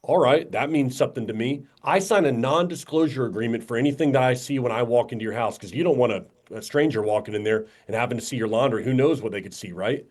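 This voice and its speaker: A man talking as a podcast guest, blunt and animated, acting out quotes and swearing casually. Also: mid-range voice, quick pace, few pauses. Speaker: podcast guest, media company owner.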